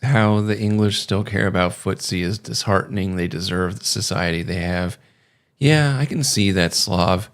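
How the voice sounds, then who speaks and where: A man's voice: sits low, moderate pace. A young man chatting casually on a stream, rambling and swearing with many fillers. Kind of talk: casual chat.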